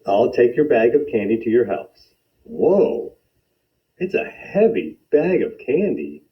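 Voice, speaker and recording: A man's voice: medium pitch, wildly swooping pitch, takes it slowly, pitched above the performer's own voice. A man voicing a blunt, tough adult policeman in a brusque storybook reading. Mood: grudging. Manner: brusque, no-nonsense. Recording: dull lo-fi recording.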